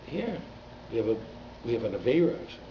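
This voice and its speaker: A man's voice: mid-range voice, fast talker. Man telling a story at a lecture. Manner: animated, repeats words for emphasis. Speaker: rabbi teaching a class. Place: community synagogue hall. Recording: echoey, dull hall recording with faint noise.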